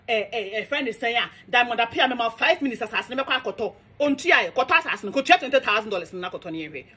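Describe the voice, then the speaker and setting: A woman's voice: sits high, pushed and bright. A young Ghanaian woman delivering a heated, defiant, scolding monologue rant. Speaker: social media commentator.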